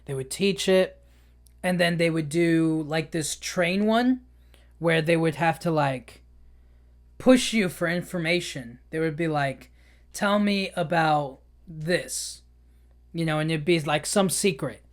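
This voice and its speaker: A man's voice: a little high, unhurried. A man hosting a podcast, casually retelling a film in a rambling way, full of filler words, with frequent laughs. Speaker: podcast host. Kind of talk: casual movie recap.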